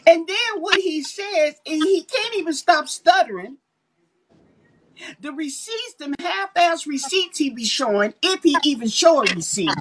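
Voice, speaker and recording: A woman's voice: sits high, animated, unhurried, a bit bright, poor audio. A woman, talking animatedly and emphatically on a casual livestream. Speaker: livestream co-host.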